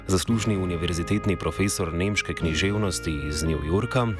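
A man hosting a show, reading a scripted narration in an even, measured way. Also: sits low. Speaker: radio show host. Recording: music bed under voice. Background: guitar music.

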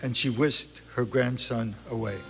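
An older man, a professor, telling a story in a slow, deliberate way. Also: medium pitch, steady tone, vocal fry, loud music behind the voice. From New York, USA. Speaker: guest, professor. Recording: long hall reverb.

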